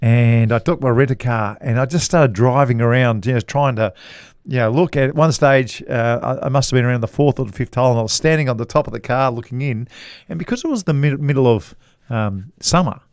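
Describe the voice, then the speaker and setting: A middle-aged Australian man, a podcast co-host and golf commentator, rambles through a golf anecdote in casual chat, stopping, starting over and chuckling often. His voice is mid-range, and the recording is close and dry.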